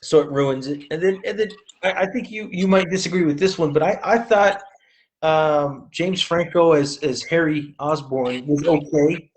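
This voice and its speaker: A man co-hosting a casual movie review podcast, speaking in a measured, hesitant way with many pauses. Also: on the high side.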